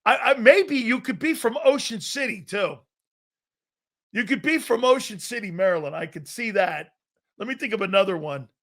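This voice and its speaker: A man's voice: sits high, expressive, normal speed, fairly bright tone. A man hosting a sports talk stream, ranting casually in a brash, profane, teasing way.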